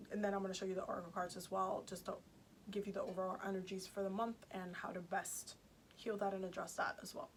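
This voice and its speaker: A woman's voice: medium pitch, pushed and bright, slight background noise. A woman giving a casual, chatty tarot reading to her viewers, emphatic and repeating herself, with many fillers. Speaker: tarot reader.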